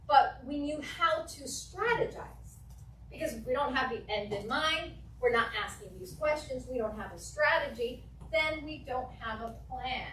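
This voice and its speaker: Woman, higher voice, negotiation trainer, live class lecture, roomy sound, heard from a distance. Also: normal speed. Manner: lively, acts out phone calls and client replies. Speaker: real estate negotiation trainer. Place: classroom with an audience. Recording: echoey room from a distance, faint noise.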